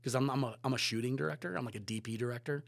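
Animated man telling a story, dry sound. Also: mid-range voice, racing, vocal fry, no echo. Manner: animated, swears freely, acts out quotes. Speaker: podcast guest, photographer and director. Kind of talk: casual storytelling chat.

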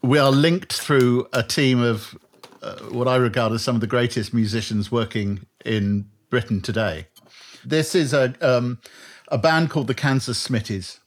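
A man's voice: medium pitch, moderate pace. A man hosting a lunchtime interview, asking wry and probing questions in a chatty way. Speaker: interview host. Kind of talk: conversational interview.

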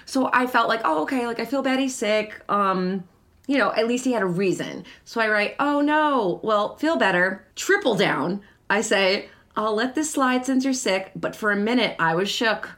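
A woman's voice: a little high, animated, normal speed, a bit bright. A woman co-hosting a podcast in casual chat, telling a story animatedly and acting out messages, swearing freely. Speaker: podcast co-host.

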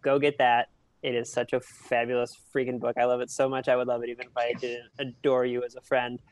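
Guy hosting a book chat, goofy and animated, plain mid voice. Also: medium pitch, brisk, no room sound. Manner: animated, laughs along, goofy. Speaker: podcast host. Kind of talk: casual chat.

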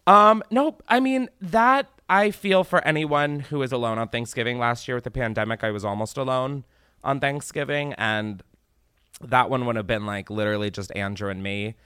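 Loose and talkative, the podcast host laughs frequently and curses freely as he wanders through casual chat. His medium-pitched voice is clean and a bit bright, at a normal speed, on a dry, clean studio recording.

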